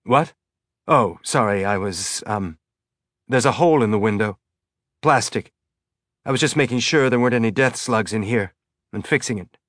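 Audiobook: man playing a sick, mumbling captain, halting and vague, dry. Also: fairly low pitch, fairly bright tone, no echo, close to an everyday voice. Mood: weary. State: sounds drunk or sick. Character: weary sick male ship captain, rambling.

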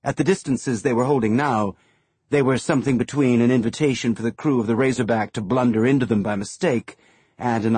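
A man narrating a science-fiction audiobook in a measured, even storytelling manner. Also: mid-range voice, husky, no room sound.

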